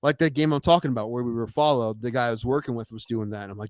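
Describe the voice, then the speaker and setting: Male co-host, mid pitch, dry close sound, loose rambly talker. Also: steady tone, fast talker, dry recording. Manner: rambling, drops to mutters, swears freely. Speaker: podcast co-host, sports referee. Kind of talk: casual chat.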